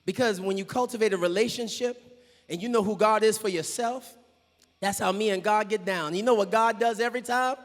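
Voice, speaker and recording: A man's voice: sits high, a little fast. A male preacher giving a sermon in a church, talking casually and folksy, straight to the congregation. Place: church sanctuary with a choir. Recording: long echoey church reverb.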